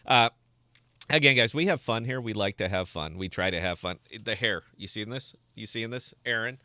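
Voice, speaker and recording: A man's voice: lowish voice, moderate pace, bright, forceful tone, dry recording. A man in his forties hosting a casual livestream podcast, rambling and joking about himself as he chats. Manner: rambling, joking and self-mocking. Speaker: podcast host.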